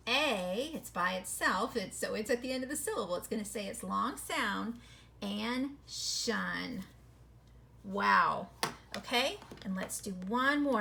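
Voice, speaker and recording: A woman teaching a phonics lesson to children, encouraging and sounding words out slowly syllable by syllable. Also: mid-range voice, gravelly, bright, forceful tone. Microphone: recorded video lesson.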